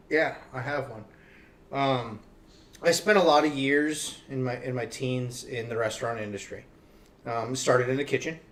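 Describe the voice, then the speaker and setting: A man hosting a casual interview show, telling a story in a profane, animated way. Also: medium pitch, echoey room, far from the mic. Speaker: host.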